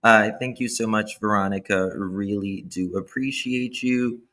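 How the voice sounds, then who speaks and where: A tired man hosting a casual live stream from indoors, warmly thanking chat viewers through his laptop microphone. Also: lowish voice, fairly even intonation, a little slow. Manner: warm, effusive thanks to chat members. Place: indoors at home. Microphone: laptop camera mic.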